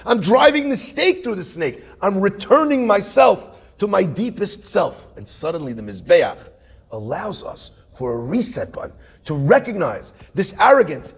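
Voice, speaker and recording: A rabbi delivers a lively sermon in a high, gravelly voice, his pitch leaping up and down as he presses his points. He speaks to his listeners directly and keeps asking them questions. His tone is husky and a little rough. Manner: animated, rhetorical questions to the audience.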